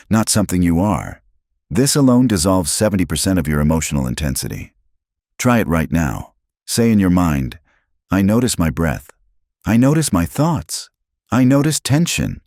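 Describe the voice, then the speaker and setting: A man narrating a self-help audiobook from a script, speaking dramatically in short punchy phrases with pauses between them. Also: a bass voice, darkish tone, no room sound, studio quality.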